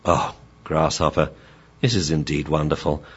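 A man's voice: very deep voice, fairly even intonation, normal speed, slightly rough, dull audio, pitched below the performer's own voice. A man voicing a wise old male dog sensei, speaking mock-solemnly and teasing his pupil.

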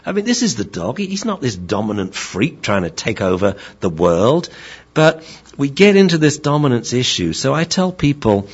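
A man, a dog trainer, giving a lively lecture-style talk and acting out the people in his stories, on a slightly dull, lo-fi recording. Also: mid-range voice, normal speed, husky.

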